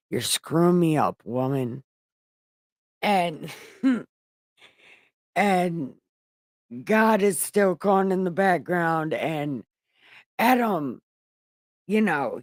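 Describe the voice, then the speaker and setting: A woman's voice: sits low, no room sound, studio quality. Rambling comic woman storyteller. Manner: rambling, laughing, crude jokes. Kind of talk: casual comic retelling.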